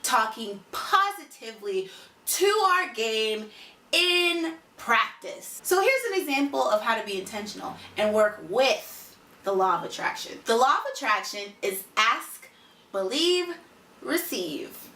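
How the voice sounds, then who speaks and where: A high, animated woman coaching one listener with emphatic, repetitive lines. Her voice is bright and sits back from the mic. The room around her is echoey. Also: measured pace, recorded from a distance. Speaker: motivational speaker. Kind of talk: motivational address to one listener.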